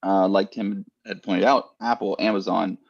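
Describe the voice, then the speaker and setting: A man's voice: sits low, fairly even intonation, moderate pace, gravelly, husky. A man, a trading coach, steadily explaining market index charts. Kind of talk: chart analysis commentary. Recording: slightly muffled sound.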